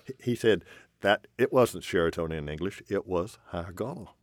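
A man's voice: low-pitched, animated, normal speed, dry recording, studio quality. A man hosting a radio interview show, explaining things in a folksy, conversational way. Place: radio studio.

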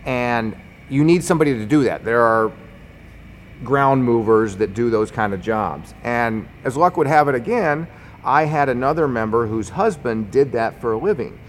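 A man telling a personal story in a conversational, wry way, getting animated as he recounts it. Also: medium pitch, normal speed, a little hiss or hum. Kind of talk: personal story told to an audience. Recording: long hall reverb.

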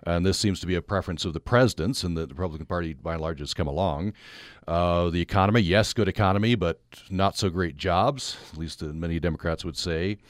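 A man hosting a public radio call-in show, talking in a halting way with many fillers. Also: deep voice, dry recording, studio quality. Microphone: studio mic.

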